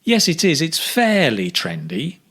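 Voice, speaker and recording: A man teaching English speaking, modelling phrases slowly with exaggerated intonation for learners to repeat. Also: on the high side, wildly swooping pitch, fairly bright tone, breathy edge. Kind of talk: slow, clear pronunciation drill.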